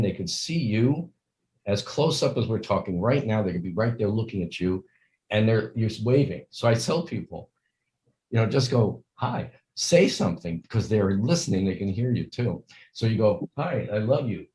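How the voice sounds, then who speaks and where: Older man, interview guest, low voice, mellow tone, earnest, rambling, acts out quoted lines. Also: lively intonation, moderate pace, low-quality recording. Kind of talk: conversational interview.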